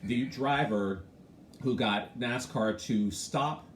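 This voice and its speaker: A man with a middle-pitched voice hosts a loose morning stream and greets viewers by name while he talks. His delivery is frank and animated. The sound is roomy and echoey, with a faint hum of ambient noise. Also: slow. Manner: chatty, greets viewers by name between thoughts. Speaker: host of a morning live stream. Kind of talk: casual live-stream commentary.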